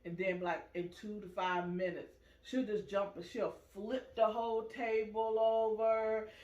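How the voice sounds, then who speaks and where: A woman hosting a casual chat, telling stories with animated acted-out quotes. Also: medium pitch, a little slow. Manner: animated storyteller, acts out quoted voices. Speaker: vlog host. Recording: echoey room, muffled sound.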